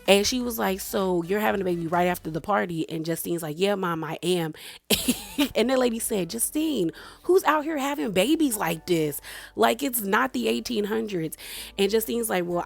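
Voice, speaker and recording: Animated woman recapping reality TV. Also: lowish voice, vocal fry. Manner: animated, laughs often, acts out quotes. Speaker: reality TV reviewer. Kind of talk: casual recap and commentary.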